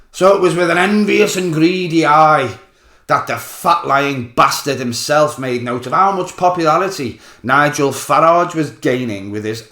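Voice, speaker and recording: A man's voice: fairly high pitch, fairly bright tone. Male commentator, angry sarcastic monologue, swears freely; roomy recording. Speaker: political commentator. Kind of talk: ranting political monologue. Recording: roomy echo.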